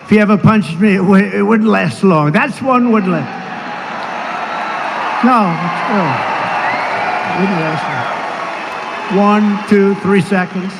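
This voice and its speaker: Older man with a high voice, rambling. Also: unhurried, gravelly, over a noisy crowd. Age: 70s. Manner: digressive, with conversational asides and mocking impressions. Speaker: political speaker at a rally. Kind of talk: rambling rally speech. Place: large rally venue. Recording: long reverb of a big venue, faint noise.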